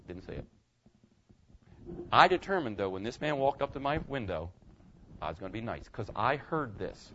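A man's voice: mid-range voice, fairly bright tone, lo-fi sound, slight background noise. A man preaching a sermon as pastor, telling folksy stories and repeating his point straight to the congregation. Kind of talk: storytelling sermon.

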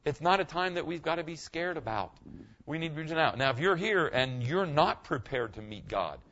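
Older guy pastor preaching, kinda high voice, chatty, keeps saying okay, gets loud at times, muffled lo-fi recording. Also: animated, normal speed, a little hiss or hum. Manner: conversational, keeps asking the congregation "okay?", swings from quiet to shouting. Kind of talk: sermon. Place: church.

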